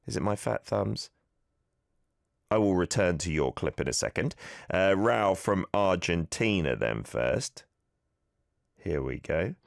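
A man with a deep, low voice hosts a casual radio language lesson from a studio. His pitch swings widely as he corrects pronunciation, repeating each example. The recording is dry and close. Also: animated, measured pace, vocal fry, pauses often, no room sound. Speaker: radio host teaching Korean.

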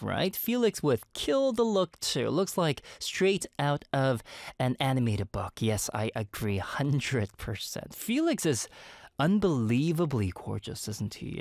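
A man's voice: medium pitch, darkish tone, dry recording, clean studio sound. Chatty male radio host. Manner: chatty, upbeat, many fillers. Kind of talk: live radio chat reading listener comments.

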